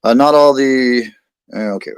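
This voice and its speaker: A man's voice: mid-range voice, normal speed, clean tone, dry recording. A man with an American accent hosting a casual livestream chat, rambling and reading viewer comments aloud. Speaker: livestream host.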